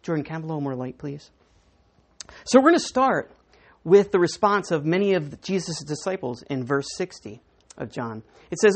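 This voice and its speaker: A woman's voice: deep voice, animated, normal speed. A woman preaching a sermon in church, teaching in a conversational way and putting questions to the congregation.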